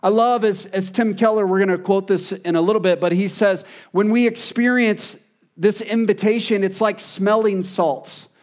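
A man preaching a sermon as pastor, earnest, repeating phrases and dropping soft for emphasis. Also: high-pitched, steady tone, normal speed.

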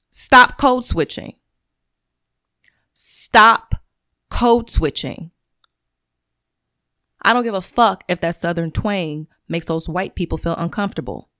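A woman's voice: medium pitch, steady tone, fairly quick, few pauses, fairly bright tone, no room sound, clean studio sound. Blunt, profane woman podcaster. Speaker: podcast host and teacher. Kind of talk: solo podcast monologue.

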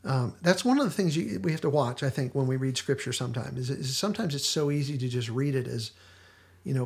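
Man, podcast host, gravelly voice, casual chat, retells scenes, frequent restarts. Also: mid-range voice, fairly quick. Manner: animated retelling with many restarts and fillers. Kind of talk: casual discussion of a TV episode.

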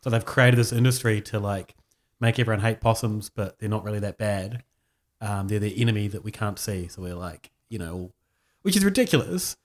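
A man with a New Zealand accent co-hosts a casual podcast chat, his lowish voice animated and moderately paced. He rambles, uses lots of fillers and laughs often.

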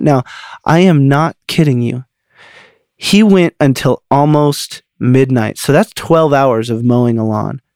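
Animated man telling a personal story. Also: fairly high pitch, no echo, studio quality. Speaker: podcast host.

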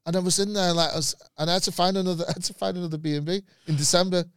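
A man, a comedian, telling a road story in casual chat, animated and swearing freely, shrieking when he quotes himself. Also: high-pitched, very fast, clean tone, no room sound, studio quality.

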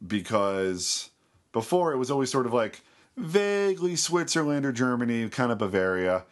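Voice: medium pitch, very animated, normal speed. A co-host of a casual chat about classic films, wry and explanatory. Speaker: podcast co-host.

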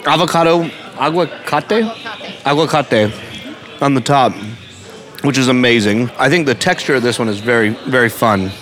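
Outdoors in a town, a man co-hosting a food review show keeps up casual, jokey chatter during a taco tasting, teasing friends and calling out what each one eats. He talks at a moderate pace in a mid-range, fairly bright voice.

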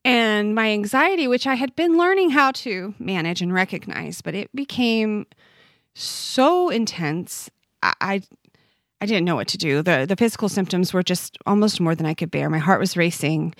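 A woman's voice: mid-range voice, lively intonation, normal speed, dry recording, studio quality. A woman in her forties, a podcast guest, telling a personal story in an earnest, heartfelt way that often halts and restarts. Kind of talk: personal testimony in conversation.

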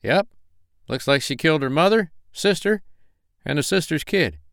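A man reading the part of a corrupt, scheming big-city detective who speaks in a curt, guarded way, pitched above his own voice. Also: animated, normal speed, creaky, a bit bright, no echo, clean studio sound.

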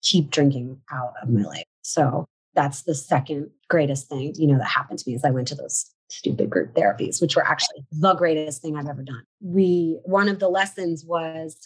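This podcast guest, a shop owner in her forties from the US, speaks in a low-pitched, husky voice at a moderate pace with few pauses. She recounts her story openly, quoting her past thoughts aloud, on a low-quality recording.

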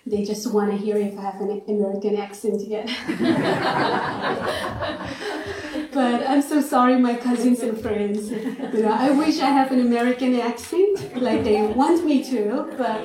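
An Indian woman with an Indian accent gives an earnest testimony as a guest speaker from a church pulpit, poking gentle fun at herself. Her voice is a little high and her pace measured. The sanctuary echoes, and the background is noisy.

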